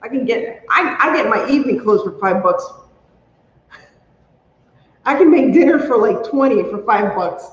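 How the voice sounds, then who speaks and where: A woman's voice: fairly high pitch, moderate pace, long pauses. Chatty woman livestreaming in an echoey room. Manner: chatty, excitable, squeals when delighted. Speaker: crafting livestream host. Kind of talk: casual livestream chat while crafting. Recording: roomy, dull lo-fi sound with faint hum.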